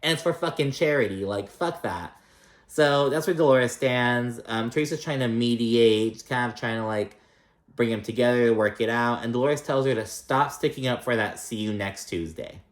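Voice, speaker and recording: A man's voice: mid-range voice, steady tone, normal speed, reverberant. A man giving a casual, chatty recap of a reality show, swearing freely and mimicking people's lines. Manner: chatty and profane, acts out quotes in mock voices.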